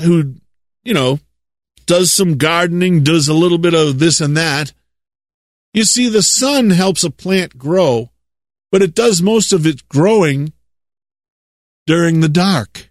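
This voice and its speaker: A man's voice: fairly high pitch, a little slow, long pauses, no room sound, studio quality. A man preaching a sermon in a sarcastic, lecturing way, chuckling at his own remarks.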